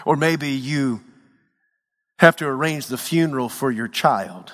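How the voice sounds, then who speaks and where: A man pastor delivering a dramatic sermon, swinging from hushed tones to shouts. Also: medium pitch, unhurried, long reverb tail.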